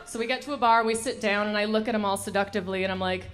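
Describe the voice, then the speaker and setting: A woman's voice: medium pitch, steady tone, racing, fairly bright tone. A woman in her thirties doing a stand-up comedy set, punchy and laughing at her own jokes, recorded on a handheld mic at a comedy club. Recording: noisy live club recording.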